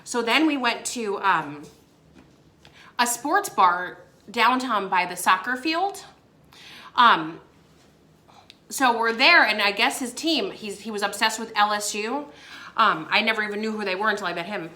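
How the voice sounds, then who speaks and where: A young woman casually telling a story to her viewers, giggling between phrases and filling pauses with "like" and "um". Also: medium pitch, lively intonation, sharp tone. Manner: giggly, laughs between phrases, many fillers. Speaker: vlogger.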